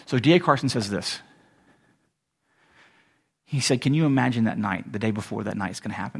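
A man preaching a sermon in a conversational way, correcting himself mid-sentence and rising into animated asides. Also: mid-range voice, breathy edge. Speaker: pastor.

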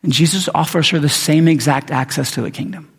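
A man's voice: fairly high pitch, fairly quick, creaky, breathy edge. A man giving a sermon, retelling a story in a casual, conversational way with slangy asides. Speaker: preacher. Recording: long reverb of a large hall.

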